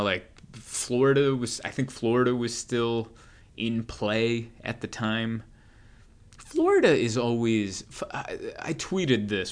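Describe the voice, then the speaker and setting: A man's voice: on the low side, fairly bright tone, clean tone. A young man doing a comedic monologue, telling rambling stories with wry asides. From United States.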